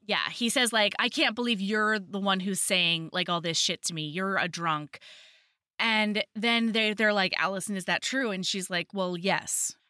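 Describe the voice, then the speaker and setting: A woman's voice: mid-range voice, normal speed, no room sound, studio quality. A woman co-hosting a podcast, casually recapping a romance novel and acting out the characters' lines as she goes. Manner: animated retelling with quoted character lines. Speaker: podcast co-host. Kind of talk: casual book recap chat.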